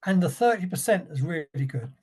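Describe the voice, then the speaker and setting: Man, slightly high voice, blunt instructor guest, hammers his points home. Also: lively intonation, a little fast, a little mellow, breathy edge. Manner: blunt, emphatic, repeats key points. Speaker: self-defence course instructor, guest. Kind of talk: casual podcast conversation.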